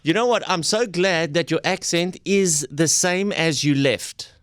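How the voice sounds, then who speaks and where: A man's voice: fairly high pitch, unhurried, a bit bright, clean tone, no echo, clean studio sound. A man, a radio host and comedian, talking in a friendly, reminiscing way with a guest. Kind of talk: radio interview.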